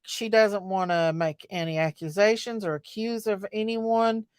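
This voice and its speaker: A woman's voice: medium pitch, steady tone, unhurried, darkish tone, smooth, no echo, clean studio sound. A middle-aged woman, hosting a casual livestream chat, greeting viewers by name in a folksy way. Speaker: livestream host.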